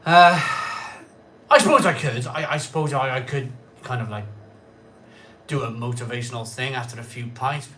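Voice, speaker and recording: Speaking at a medium pitch and moderate pace, this man leaves long pauses against slight background noise. He's the host of a craft beer live stream, tipsy from a pint or two, and his casual chat is talkative, meandering, and repetitive, with loud, happy greetings.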